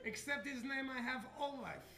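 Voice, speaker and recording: A man's voice: extremely high pitch, normal speed, a loud crowd. A man voicing a bumbling Russian forensic investigator in a mock Russian accent, with broken grammar and a boisterous manner. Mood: playful.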